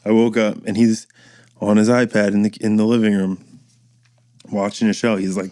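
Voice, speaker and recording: A man's voice: fairly low pitch, flat delivery, moderate pace, long pauses, a little mellow, no echo, studio quality. A man in his thirties hosting a podcast, telling loose, profane stories and acting out quotes in a casual monologue. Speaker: podcast host.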